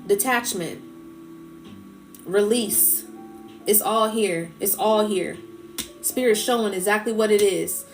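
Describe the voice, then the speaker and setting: A woman's voice: mid-range voice, takes it slowly, long pauses, music in the background. Impassioned woman preaching on a livestream. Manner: impassioned, preachy, repeats phrases. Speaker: livestream spiritual speaker. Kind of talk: casual live-stream talk.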